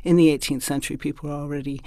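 A man's voice: a little high, little pitch movement, rapid-fire, warm tone, no echo, clean studio sound. A man answering interview questions thoughtfully, explaining with frequent restarts and asides. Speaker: linguist guest.

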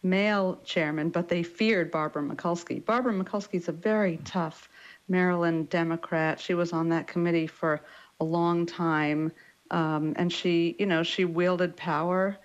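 A woman newspaper correspondent explaining politics in a radio news interview, measured and explanatory with some fillers. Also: on the low side, steady tone, muffled recording.

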